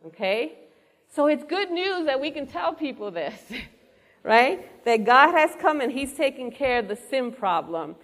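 A woman's voice: high-pitched, sing-song, unhurried, a bit bright. A woman preaching an interactive sermon, asking her listeners questions and repeating their answers back to them. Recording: long reverb of a large hall.

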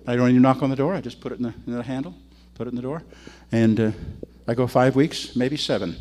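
An older man preaching a sermon as a pastor, telling stories with animated emphasis and repeating phrases. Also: mid-range voice, fast, slight background noise.

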